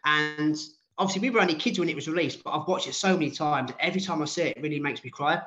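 A man in his late thirties hosting a casual podcast chat, talking in an animated way with frequent laughs. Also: on the high side, fast talker. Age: 30s. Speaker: podcast host. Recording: dull lo-fi sound.

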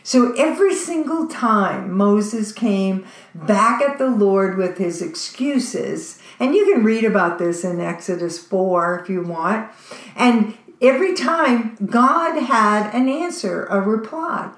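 Woman preacher, unhurried, earnest sermon delivery in a roomy space. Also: mid-range voice, expressive. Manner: conversational, earnest, with fillers. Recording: roomy echo.

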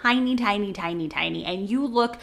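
A woman's voice: medium pitch, brisk, gravelly, a bit bright. A young woman co-hosting a podcast, chatting casually and repeating words for comic emphasis. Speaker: podcast co-host. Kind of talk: casual chat.

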